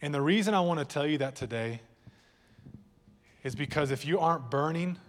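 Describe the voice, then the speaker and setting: A man preaching in church, his speaking voice sitting a bit higher than most men's. He talks in a loose, conversational way, often restarting phrases and teasing the congregation. The sound rings with the long reverb of a big room. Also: expressive, moderate pace, pauses often. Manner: conversational preaching with repeated words and audience jokes. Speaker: pastor. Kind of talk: sermon. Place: church hall.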